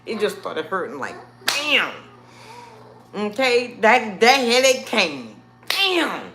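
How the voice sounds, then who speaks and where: Lively woman telling a story. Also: mid-range voice, slow pace, slight background noise. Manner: animated, addresses viewers as y'all, acts out quotes. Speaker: live-stream host. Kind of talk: casual storytelling to viewers.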